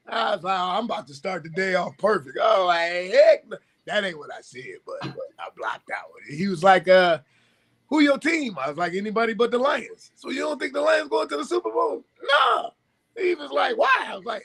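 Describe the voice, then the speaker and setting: Animated high-voiced man telling stories. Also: a little fast, husky. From Michigan. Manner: animated storyteller, acts out dialogue, laughs a lot. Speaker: co-host. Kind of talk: casual sports talk show banter.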